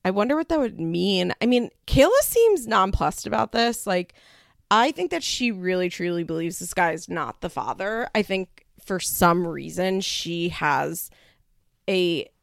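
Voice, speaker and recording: A woman's voice: lowish voice, animated, unhurried, creaky, no room sound, clean studio sound. A young woman hosting a casual podcast, recapping a reality show in a chatty, laughing way and animatedly quoting other people. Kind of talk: casual chat.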